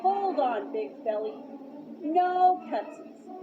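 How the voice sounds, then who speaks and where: A woman voicing a firm, insistent male fire engine chief who speaks in a steady, commanding way, in a storybook reading. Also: high-pitched, slow pace, pitched above the performer's own voice. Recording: dull lo-fi with loud music.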